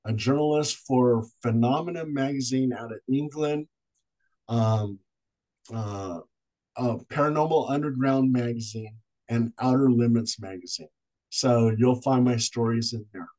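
A man telling ghost stories as a podcast guest. He tells them in an animated way and acts out the voices of the people in them. His pitch sits in the middle for a man. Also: a little slow, low-quality recording. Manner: animated storyteller acting out voices. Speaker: paranormal investigator guest. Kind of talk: storytelling in a podcast interview.

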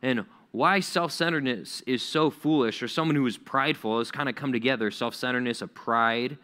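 Guy preaching a sermon, bright voice, casual and emphatic, repeats stuff. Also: medium pitch, a little fast. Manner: conversational, emphatic with repetition. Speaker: pastor.

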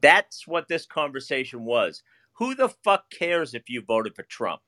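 A man's voice: mid-range voice, big pitch swings, unhurried. A man hosting a live debate, arguing heatedly, swearing and talking over the others. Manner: profane, forceful, talks over others. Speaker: debate show host.

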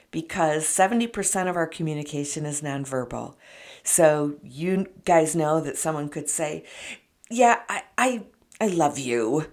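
A woman giving earnest, encouraging relationship advice, speaking straight to her viewers. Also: low-pitched. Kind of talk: advice talk to camera.

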